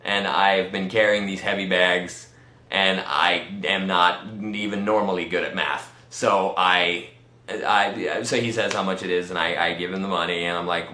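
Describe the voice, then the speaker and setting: A man's voice: deep voice, steady tone, a little slow, pushed and bright, roomy sound, a little hiss or hum. A tired man telling a rambling personal story in a casual way, repeating words and using many fillers. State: tired, nauseous.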